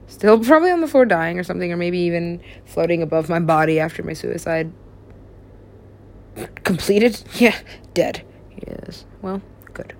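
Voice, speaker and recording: A woman in a drifting, confessional monologue, halting and restarting, who drops into soft whispers and then rises into louder bursts. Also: a little hiss or hum. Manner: drifting, halting, swings between low mumbles and sudden louder bursts.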